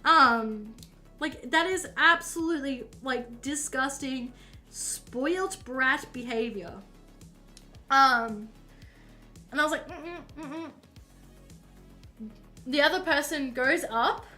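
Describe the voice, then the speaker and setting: A woman's voice: high-pitched, lively intonation, a little slow, sharp tone, faint music behind. A woman streamer telling a story casually, rambling along with plenty of fillers while she paints at home.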